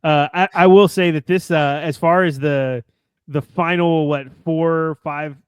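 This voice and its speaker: A man's voice: a little high, fairly even intonation, unhurried, clear, resonant tone, no room sound, clean studio sound. An American man co-hosting a casual soccer podcast, chatty and rambling, laughing often. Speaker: podcast co-host.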